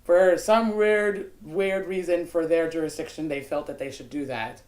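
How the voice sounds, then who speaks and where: A woman with a fairly low voice recounts a story from her own life, talking casually, saying "like" often and cursing now and then. The room around her is echoey, and her delivery is unscripted and loose. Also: moderate pace. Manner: casual, animated, peppered with "like" and profanity. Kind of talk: unscripted personal anecdote.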